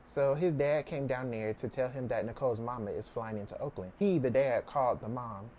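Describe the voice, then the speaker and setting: Fast-talking man recapping a novel. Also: mid-range voice, a little hiss or hum. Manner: chatty, animated retelling with quoted voices. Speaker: book reviewer. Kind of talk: casual book summary.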